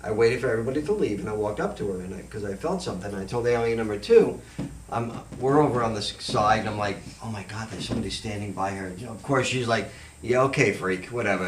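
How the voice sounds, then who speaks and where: A man, a psychic hosting a talk show, telling stories casually and acting out the voices in them. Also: fairly low pitch. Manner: animated, acts out the voices in his stories. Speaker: host and psychic medium. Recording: echoey room, far from the mic, faint noise.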